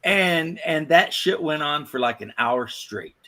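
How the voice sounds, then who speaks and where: A man's voice: on the high side, lively intonation, unhurried, sharp tone. Blunt man telling a story casually. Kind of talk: casual chat.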